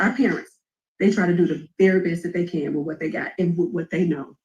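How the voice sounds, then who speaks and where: A woman's voice: on the low side, darkish tone, echoey room, poor audio. A woman giving a friend an emphatic, preachy pep talk, repeating her points, in a reality TV clip. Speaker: reality TV cast member.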